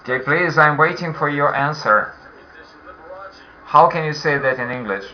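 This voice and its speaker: A man's voice: on the high side, moderate pace. A man with a Russian accent teaching a beginner English class online, patiently repeating questions for his learners. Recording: dull lo-fi online call audio.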